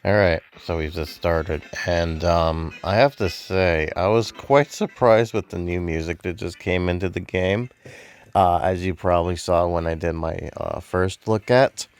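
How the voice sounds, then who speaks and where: A man casually commenting on a game he is playing, relaxed and hesitant with many fillers, sounding sleepy. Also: sits low, measured pace, clean tone. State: sleepy, yawning. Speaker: gameplay video host.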